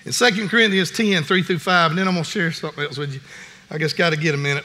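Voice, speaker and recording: A man's voice: fairly high pitch, fairly even intonation, fast talker, sharp tone. A man preaching a sermon in an earnest, folksy way, often restarting his sentences. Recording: long reverb in a large hall.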